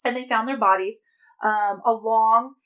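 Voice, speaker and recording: A woman co-hosting a podcast, telling a story in casual, animated chat and swearing freely. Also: on the high side. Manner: animated, swearing, quick banter. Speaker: podcast co-host.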